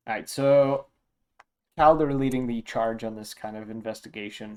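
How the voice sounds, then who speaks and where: Casting note: male game master, smooth clear voice, halting delivery full of fillers, narrating the scene from a home mic. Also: medium pitch.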